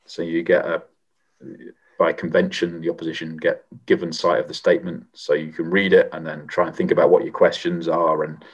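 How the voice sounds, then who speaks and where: Deep voiced middle-aged guy, kinda husky, thoughtful and halting, lots of ums. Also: little pitch movement, dull audio. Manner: measured, frequent ums and restarts. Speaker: former MP, guest. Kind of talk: reflective interview answers.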